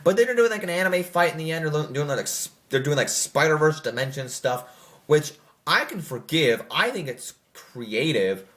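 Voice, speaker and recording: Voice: mid-range voice, a little fast, a bit bright. A young adult film reviewer in casual, rambling commentary, full of fillers and self-corrections, who slips into mocking quoted voices.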